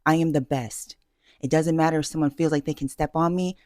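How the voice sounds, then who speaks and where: A woman's voice: low-pitched, steady tone, brisk, darkish tone, dry recording, studio quality. A woman vlogger giving dating advice in a casual, self-assured way, emphatic and full of fillers and restarts. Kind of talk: casual talking-head advice.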